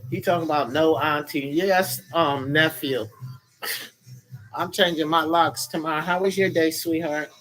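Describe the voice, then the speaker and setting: A man's voice: a little high, steady tone, measured pace, fairly bright tone, low-quality recording. A man chatting with viewers on a casual phone live stream from his bed, rambling, annoyed and profane while sweet-talking his audience. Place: in bed at home under a cover. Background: faint music from another room.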